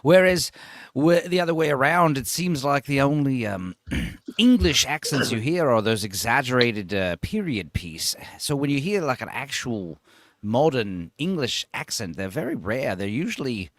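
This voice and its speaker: A man guesting on a casual chat show, explaining at length in an animated way. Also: mid-range voice, moderate pace, no echo. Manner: animated, explaining, bursts of mock accents.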